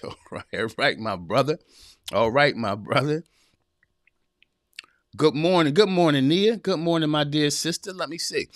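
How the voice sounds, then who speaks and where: A man hosting a live podcast, talking straight to his viewers and reading their chat, animated and preachy, repeating his phrases. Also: medium pitch, dry recording, clean studio sound. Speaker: podcast host.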